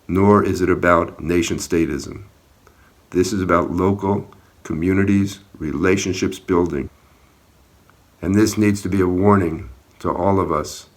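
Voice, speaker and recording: Low-voiced man telling a personal story. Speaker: activist recounting an encounter. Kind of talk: personal video account.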